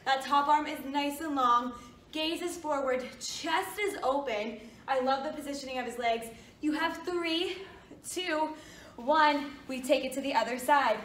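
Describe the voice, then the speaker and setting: A woman leading a workout in a high voice, still out of breath as she gives encouraging form cues. She is recorded in an echoey studio, some distance from the mic, with faint background hiss. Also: unhurried, fairly bright tone. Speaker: fitness coach. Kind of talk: workout instruction.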